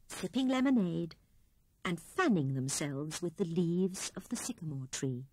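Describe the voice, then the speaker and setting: A woman narrating a children's storybook with expressive, animated storytelling. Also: on the low side, breathy edge, dry recording. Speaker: audiobook narrator.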